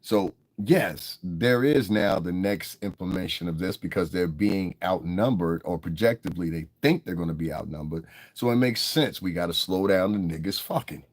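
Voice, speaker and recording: A man hosts a casual livestream and speaks bluntly, with constant swearing and frequent laughter. His voice sits very low. The sound is dry and close, with no room echo. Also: moderate pace. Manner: blunt, profane, laughs often, answers chat. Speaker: livestream host.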